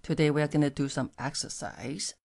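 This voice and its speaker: A woman whose first language is Mandarin Chinese, teaching pinyin in English and slowly modelling tones for the learner to repeat. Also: low-pitched, fairly even intonation, darkish tone. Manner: slow, clearly modelled syllables. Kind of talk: language lesson with tone drills.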